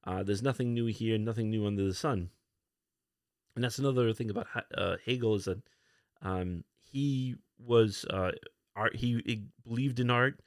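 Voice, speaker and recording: A man hosting a podcast alone, casually retelling comic book issues, with many fillers and quick put-on lines for the characters. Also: on the low side, no room sound, clean studio sound. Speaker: podcast host.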